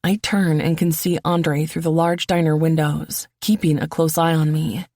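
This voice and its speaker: A woman narrating a first-person romance audiobook in an even, low-key reading voice. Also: normal speed, no echo, studio quality.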